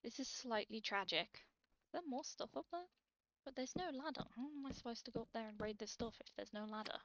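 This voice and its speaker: A woman's voice: fairly high pitch, brisk, fairly bright tone, no room sound, highs cut off. A British woman giving chatty, self-deprecating gameplay commentary as she plays, talking to herself. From Britain. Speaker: Let's Play creator.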